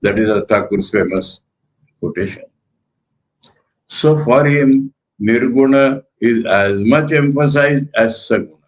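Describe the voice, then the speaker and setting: An older man with an Indian accent, a monk giving a spiritual lecture in a measured, emphatic way that repeats key words. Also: mid-range voice, dull audio.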